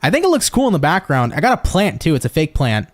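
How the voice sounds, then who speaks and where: A man's voice: a little high, huge pitch swings, fast talker. A young man giving a casual tarot reading from his home office, laid-back and swearing freely, with frequent laughs. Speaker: tarot reader.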